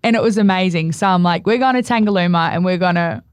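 A woman, a podcast guest, talking candidly in casual conversation with animated storytelling. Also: on the low side, fast.

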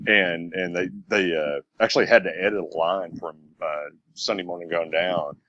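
A man's voice: sits low, steady tone, moderate pace, pushed and bright, no room sound. A man with a Southern US accent in casual chat, hesitant and laughing often. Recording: dry, dull lo-fi sound.

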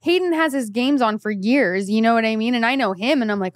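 A woman's voice: fairly high pitch, brisk, few pauses, fairly bright tone, no room sound, clean studio sound. A woman in her forties hosting a podcast, bubbly and enthusiastic, laughing often in casual chat. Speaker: podcast host.

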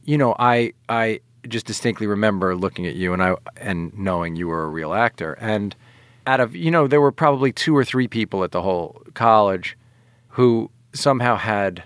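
A man's voice: lowish voice, expressive, normal speed, fairly bright tone, smooth, no room sound. A man hosting a casual podcast interview, upbeat and eager as he plugs a show and reminisces with his guest. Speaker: podcast host.

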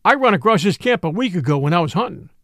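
A man's voice: sits high, animated, fast, sharp tone, no room sound, clean studio sound. A man voicing an eager frontier hunter who talks in a folksy, tattling way.

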